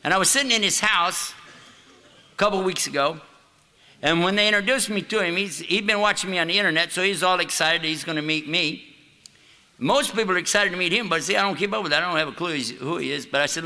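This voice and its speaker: An older man from the United States lectures in a mosque with a folksy, joking storyteller's manner. His voice is pitched a little high and sounds very bright and sharp, with a long hall echo behind it. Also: lively intonation, normal speed, creaky. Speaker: Islamic lecturer. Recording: echoey hall.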